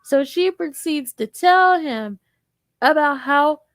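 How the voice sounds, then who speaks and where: A young woman in a sassy, joking tone recapping a TV episode in a casual, animated way. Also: sits high, slow, dry recording. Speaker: tv recap vlogger.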